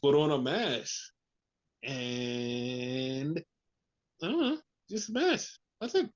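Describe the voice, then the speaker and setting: On a podcast with dull, lo-fi audio, a male co-host with a medium-pitched voice talks slowly but animatedly about wrestling. He chats casually, swears freely and acts out what other people said.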